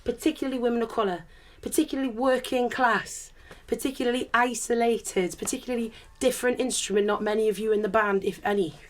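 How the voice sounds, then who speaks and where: A woman speaking on a panel discussion, telling candid stories in a lively way, full of laughter and acted-out quotes. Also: a little high, fast talker, hardly any pauses. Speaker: panelist, turntablist.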